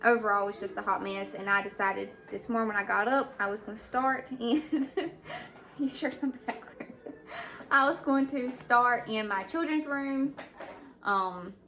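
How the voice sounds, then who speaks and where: A stay-at-home mom vlogging at home in casual chat, hesitant with many fillers and restarts, sounding overwhelmed and emotional. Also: female voice, a little high, moderate pace, sharp tone. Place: at home indoors. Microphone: camera mic.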